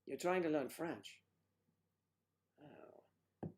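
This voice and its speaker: A man's voice: mid-range voice, animated, normal speed, darkish tone. Playful older man teasing on a livestream. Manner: playful, teasing, mangles Spanish for fun. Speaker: livestream co-host. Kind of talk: casual flirty livestream chat.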